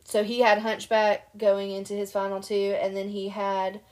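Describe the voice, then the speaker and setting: Young woman, podcast co-host, casual chat, animated storytelling, laughs a lot. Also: mid-range voice, moderate pace.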